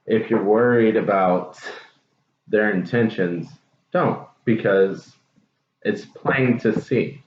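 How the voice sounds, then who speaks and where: A man giving a casual, chatty tarot reading to viewers, with lots of fillers and trailing thoughts. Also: on the low side. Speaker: tarot reader. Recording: dull echoey room with faint noise.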